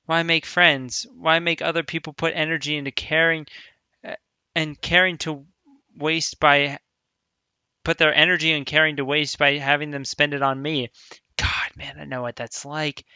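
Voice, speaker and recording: Sayori, a quietly sad schoolgirl read by a man. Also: on the high side, little pitch movement, moderate pace, clean tone, no echo, highs cut off. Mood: subdued. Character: teenage girl, cheerful on the surface, hiding deep depression. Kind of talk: reading a visual novel aloud.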